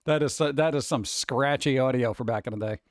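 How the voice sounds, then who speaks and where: A man's voice: mid-range voice, a little fast, dry recording, studio quality. A man streaming live, chatting casually with his chat and ranting with rhetorical questions.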